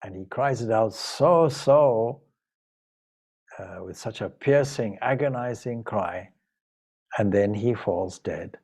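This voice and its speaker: A man's voice: lowish voice, slow pace, vocal fry, darkish tone. A man, a monk and spiritual teacher, emotively retelling an ancient epic in a spiritual talk. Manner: emotive, dramatic retelling with voiced dialogue. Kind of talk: storytelling talk of a sacred epic.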